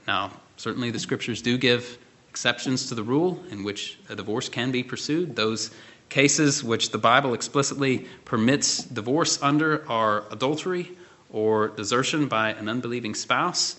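A man preaching a measured sermon, pausing often with fillers. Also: mid-range voice, pushed and bright. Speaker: pastor. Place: church.

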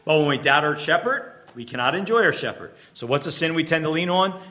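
A pastor delivers a sermon in a fairly high, expressive voice with a sharp edge. He quizzes the congregation with fill-in-the-blank questions and drives home key points through emphatic bursts and slowed-down repetition.

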